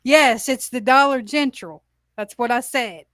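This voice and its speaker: High, sharp-voiced woman host. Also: normal speed, no echo, clean studio sound. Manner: profane, laughing, incredulous storytelling. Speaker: talk show host. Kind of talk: casual chat. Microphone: livestream studio mic.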